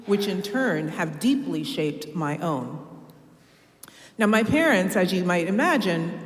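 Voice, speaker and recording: Woman keynote speaker, low-pitched, earnest and measured delivery, reverberant church sanctuary. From Ohio, US. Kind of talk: formal speech. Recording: echoey hall with long reverb.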